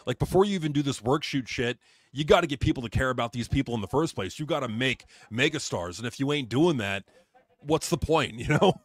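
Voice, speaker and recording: A man's voice: mid-range voice, lively intonation, a little fast, dry recording. A man co-hosting a casual podcast, ranting in a heated, profane way about wrestling. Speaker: podcast co-host.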